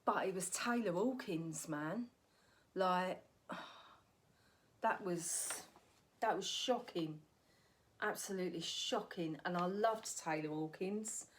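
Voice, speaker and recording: A woman's voice: fairly low pitch, slow pace, long pauses, slight background noise. A woman, a comedian delivering a rambling comic monologue and correcting herself as she goes. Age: 40s. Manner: rambling, cheeky, self-correcting.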